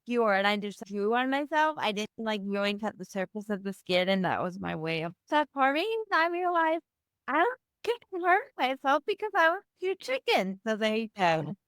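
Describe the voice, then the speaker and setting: A woman's voice: normal speed, dry recording. A young woman hosting a podcast, reacting expressively and sharing her own story in a casual way. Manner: expressive, exclaiming, pitch jumping high. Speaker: podcast host.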